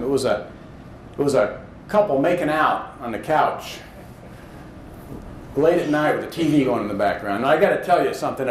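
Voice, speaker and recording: A man in his thirties from Indiana, giving a motivational speech in a hall, telling stories and building to emphatic points. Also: a little high. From Indiana, USA. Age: 30s. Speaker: public speaking champion. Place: hall with audience. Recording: roomy hall echo, faint noise.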